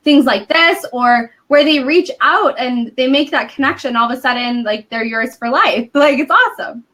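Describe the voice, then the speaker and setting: Chatty woman guest, high bright voice, animated storyteller. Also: normal speed. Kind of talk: casual podcast chat.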